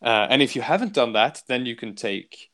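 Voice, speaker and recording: A man in casual podcast chat who rambles, jokes and swears freely, often slipping into silly mock voices. His pitch sits in the middle for a man. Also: expressive, moderate pace, a bit bright. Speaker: podcast host.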